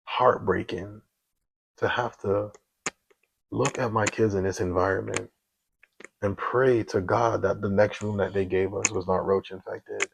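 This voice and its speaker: A man's voice: fairly low pitch, creaky, noisy background. A man telling his own story as a single father in a casual, emotional, conversational way with some slang. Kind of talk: casual spoken testimony.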